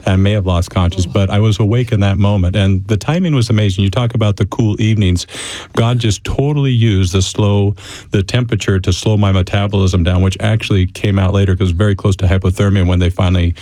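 A man's voice: lowish voice, steady tone, fairly quick, warm tone, no room sound. A man casually telling a personal story to interviewers, chatty and full of asides to his listeners. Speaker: interview guest.

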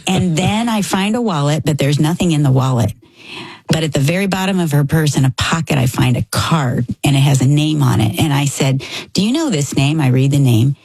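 Low husky-voiced woman telling a story. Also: brisk, no echo. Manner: lively, acts out the people she quotes. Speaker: guest telling a personal story. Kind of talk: conversational storytelling.

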